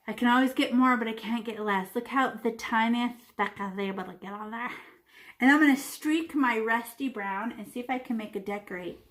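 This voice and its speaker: A woman's voice: a little high, brisk. Playful woman teaching kids to paint. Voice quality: playful, animated, with sound effects. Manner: talks while painting, demonstrating step by step. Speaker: art teacher. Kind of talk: children's painting lesson.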